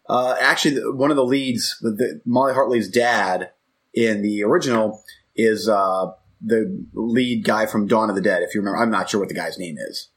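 A man with a slightly husky, breathy voice, chatting loosely about movies as a co-host. He rambles, trips over his own sentences and laughs as he goes. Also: on the low side, fairly even intonation, moderate pace. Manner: rambling, self-interrupting, laughs often. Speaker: podcast co-host. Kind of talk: casual chat about movies.

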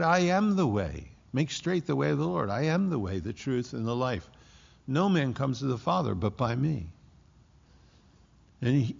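An older man preaching a sermon, reading scripture slowly and building emphasis as he speaks. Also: mid-range voice, creaky, highs cut off. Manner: preaching with rising emphasis and slow drawn-out scripture quotes. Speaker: pastor.

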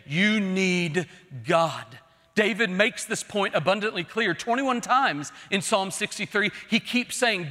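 A man preaching a heartfelt sermon in a high, ringing voice that carries with a sharp edge. His delivery is earnest and emphatic, building to pleading intensity. The sound rolls with the long reverb of a big church hall. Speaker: pastor.

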